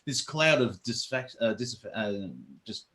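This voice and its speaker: A man's voice: mid-range voice, measured pace, fairly bright tone. A man chatting casually as a guest on a talk show, telling stories, rambling and laughing often. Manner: rambling, laughs often, trails off mid-sentence. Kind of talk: casual chat.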